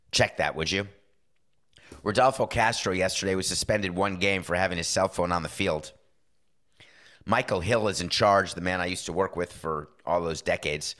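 A man's voice: deep voice, pushed and bright. Wry man hosting a sports talk show. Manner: wry, conversational, acts out quick quoted exchanges. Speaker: podcast host. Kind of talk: casual sports talk monologue.

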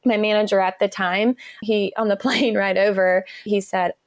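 A woman's voice: medium pitch, fairly even intonation, moderate pace, no echo, studio quality. A woman in her thirties with an American accent, a podcast guest chatting casually and telling stories with lots of fillers and enthusiasm. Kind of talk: casual interview chat.

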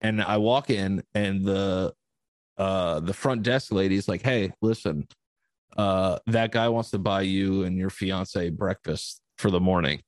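A man on a podcast telling a story in casual chat, profane and animated, acting out the dialogue. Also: sits low, unhurried, no echo. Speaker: podcast host.

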